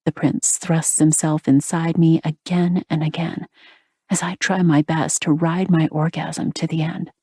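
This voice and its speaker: A woman narrating a first-person romance audiobook in a breathy, half-whispered, intimate way, close to the mic. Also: low voice, little pitch movement, unhurried, dark tone, no echo.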